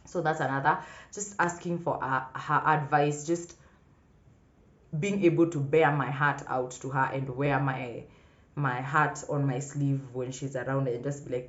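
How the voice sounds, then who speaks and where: A woman's voice: extremely low pitch, fairly even intonation, a little slow. A woman talking earnestly and reflectively to her viewers in a personal vlog. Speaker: vlogger. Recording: echoey room, slightly dull sound.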